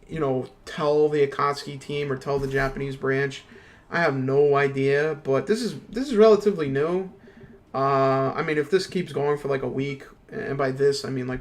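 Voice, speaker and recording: A man talking casually on a livestream, rambling and swearing a lot. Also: mid-range voice. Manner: profane, rambling, animated. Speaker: streamer.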